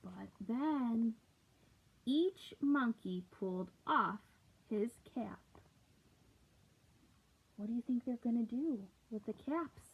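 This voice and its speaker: A woman's voice: a little high, animated, slow pace, husky. A woman reading a picture book aloud for storytime, stopping to ask young listeners questions and point out details in the pictures. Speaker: storytime reader. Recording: tinny phone-like audio.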